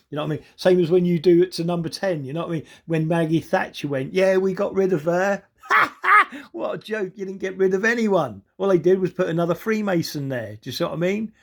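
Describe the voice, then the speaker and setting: A man with a gravelly, slightly higher voice launches into an angry, sweary rant. He keeps circling back with "do you know what I mean" as he goes. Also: darkish tone. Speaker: video commentator. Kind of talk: ranting monologue.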